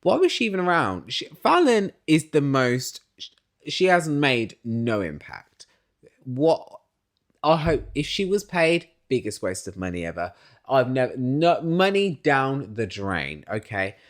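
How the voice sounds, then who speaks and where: Male reality recap host, lively swooping pitch, opinionated and profane, mid-range voice. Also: unhurried. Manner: opinionated, swears, mimics cast members in high voices; swings between loud excited bursts and quiet asides. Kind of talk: casual recap commentary.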